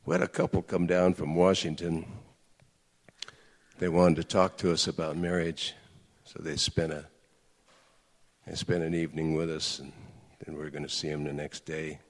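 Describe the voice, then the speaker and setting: A middle-aged man telling personal stories in an earnest, conversational sermon to a group of men, with lively outbursts. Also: very deep voice, moderate pace. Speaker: speaker addressing men. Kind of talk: sermon-style personal storytelling. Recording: echoey hall with long reverb.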